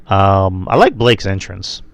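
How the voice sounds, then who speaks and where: A man's voice: low voice, expressive, takes it slowly, dry recording. A man hosting a casual wrestling review chat, rambling with many fillers and restarts. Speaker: podcast host.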